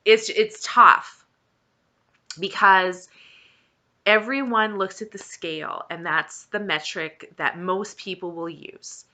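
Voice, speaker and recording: A woman's voice: on the low side, slow, sharp tone. A woman who talks earnestly and encouragingly about her own weight-loss journey, stressing points by repeating them and sounding close to tears. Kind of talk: heartfelt personal talk to camera.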